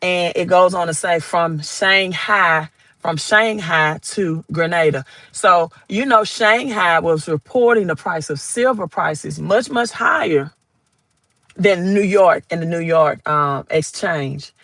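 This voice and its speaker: A man's voice: high-pitched, unhurried, vocal fry, bright, forceful tone, no room sound, poor audio. A man with a Southern US accent giving casual finance commentary, rambling and often checking in with "right?".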